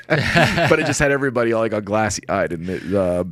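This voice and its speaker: A man's voice: lowish voice, fast talker, few pauses. A middle-aged man, a podcast guest, telling personal stories in casual chat with an earnest, emotional manner. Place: podcast studio.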